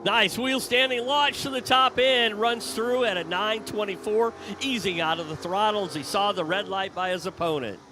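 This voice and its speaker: A man who owns the track calls drag races as announcer, joking with his partner and rising to a shout at the finishes. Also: high-pitched, normal speed, few pauses, background noise. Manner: upbeat, jokey, rises to a shout at finishes. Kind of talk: drag racing commentary.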